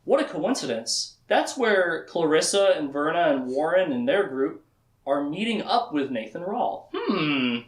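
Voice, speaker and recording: A man casually recapping a book's plot in a lecture, laughing often and acting out the characters' lines in quick asides. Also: a little high, big pitch swings, echoey room. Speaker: book discussion host.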